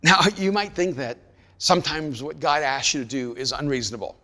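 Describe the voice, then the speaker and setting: A man preaching a sermon, moving from quiet storytelling to raised, emphatic delivery. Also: on the high side, brisk, big-room sound. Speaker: pastor.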